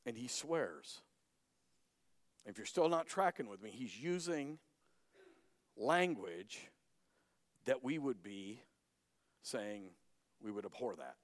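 A male pastor preaching a sermon dramatically, swinging between loud emphasis and hushed lines. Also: mid-range voice, expressive, slow pace, long pauses. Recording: echoey hall.

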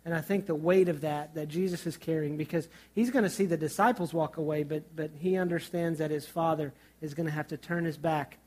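Man, high-pitched, middle-aged pastor, humorous storytelling sermon. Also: steady tone, fairly quick, few pauses, a little mellow. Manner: storytelling with humor and vivid childhood anecdotes.

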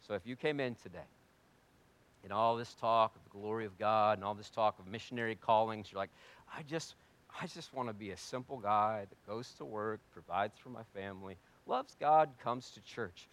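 A man preaching a sermon, conversational and animated, swinging between loud emphasis and hushed asides. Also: lowish voice, moderate pace. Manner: conversational, self-deprecating humor. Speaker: pastor.

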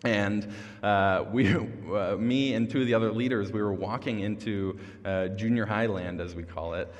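A young man preaching to a youth group in a relaxed, chatty way, his voice sitting fairly low. He is self-deprecating and chuckles between thoughts. A long hall reverb trails after each phrase. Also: moderate pace. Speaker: youth pastor. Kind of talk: casual youth sermon.

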